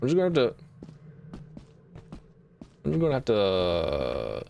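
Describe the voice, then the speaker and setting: A man's voice: fairly low pitch, wildly swooping pitch, unhurried, gravelly, mellow, muffled recording. A young man from the American South streaming a game, joking and swearing as he talks to himself and his chat. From Southern United States. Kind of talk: casual gaming stream commentary. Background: game music.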